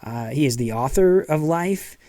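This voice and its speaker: Male pastor, chatty sermon delivery, slightly high voice. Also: animated, unhurried, mellow, no room sound. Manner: conversational preaching with frequent "okay" and acted-out quotes. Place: church.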